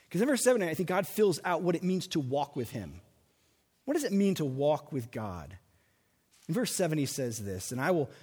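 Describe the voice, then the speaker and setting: A man preaching a sermon in a church, building lines up with dramatic pauses and punching single words. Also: a little high, a little mellow, slightly rough. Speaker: pastor. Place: large church hall. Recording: reverberant sanctuary sound.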